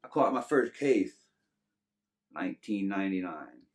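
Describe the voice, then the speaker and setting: A Texan man in his thirties recounts his past in an easygoing, meandering way, leaning on "you know" as he goes. His voice sits very low. The mic is a little distant from him. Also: expressive, measured pace, a little mellow. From Texas. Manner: loose and rambling, many "you know" fillers. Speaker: guest. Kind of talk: casual life-story telling.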